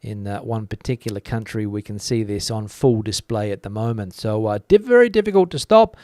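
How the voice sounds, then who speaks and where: A male news host talks loosely and unhurriedly, often stopping on fillers as he reacts to viewers' comments. His voice sits at an ordinary middle pitch. The recording is dry and close, with no room sound. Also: no echo. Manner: relaxed, many "uh" fillers, reads comments aloud and muses. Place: lives in Spain.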